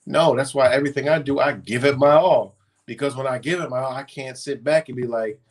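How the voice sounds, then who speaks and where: A man's voice: mid-range voice, moderate pace, recorded from a distance. A man hosting a live stream, telling a story in a blunt, profane, slangy casual monologue.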